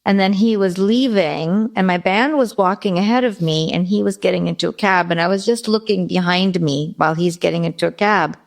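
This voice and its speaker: Middle-aged woman telling a rambling story, lower voice. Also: brisk, creaky, few pauses. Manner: rambling, self-correcting storyteller. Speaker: guest vocalist. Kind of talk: storytelling in a podcast interview.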